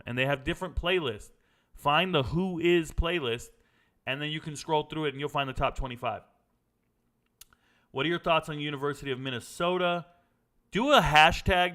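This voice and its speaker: A man's voice: medium pitch, fairly bright tone, smooth. A young man hosting a casual college football livestream, reading viewer comments aloud and answering them in a breezy way.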